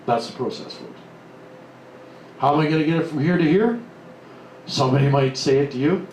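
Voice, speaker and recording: A man's voice: mid-range voice, fairly quick, darkish tone, distant mic. A man giving an emphatic motivational seminar talk to a live audience, acting out the voices he quotes. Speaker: seminar speaker. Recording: echoey room, voice off-mic, faint hiss.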